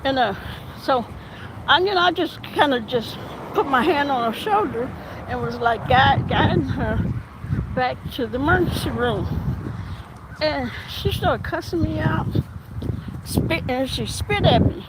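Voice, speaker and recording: A woman police officer telling a story while walking outdoors, animated and acting out the back-and-forth. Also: high-pitched, unhurried, long pauses, heavy background noise. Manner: animated, acts out quoted exchanges. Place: outdoors on an urban street.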